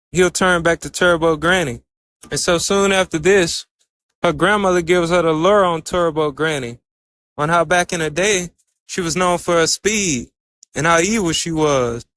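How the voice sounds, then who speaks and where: A man with a somewhat raised pitch recaps an episode in a loose, conversational way. He chains one scene to the next, quoting the characters in his own plain voice. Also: a bit bright. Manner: retells scenes with running "and so" and "she says". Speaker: anime recap reviewer. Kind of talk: casual story recap.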